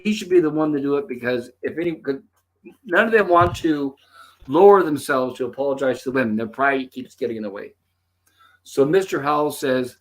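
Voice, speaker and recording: Male host of mid pitch, chatty commentary, acts out bits of dialogue. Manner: retells scenes, quoting the characters' lines. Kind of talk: casual episode commentary.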